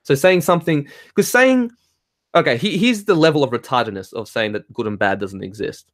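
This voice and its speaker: A man's voice: medium pitch, expressive, a little fast, no room sound, clean studio sound. A man ranting heatedly in casual talk, swearing and laughing as he reads and answers comments. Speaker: spiritual talk host reading chat.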